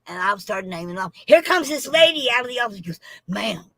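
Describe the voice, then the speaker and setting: A woman's voice: fairly high pitch, fast, no room sound, poor audio. A woman telling comic tall tales in a folksy, drawling storytelling manner. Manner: drawling, rural, lively tall-tale delivery.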